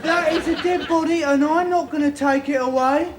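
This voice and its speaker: A man's voice: very high-pitched, fairly even intonation, moderate pace, reverberant, crowd noise. An actor playing a stubborn, surly binman who complains in a belligerent, whiny way. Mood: indignant.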